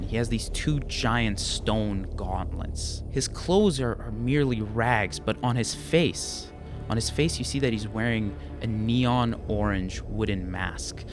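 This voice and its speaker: A man narrating as game master, describing scenes in detail and sometimes repeating words as he thinks. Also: fairly low pitch.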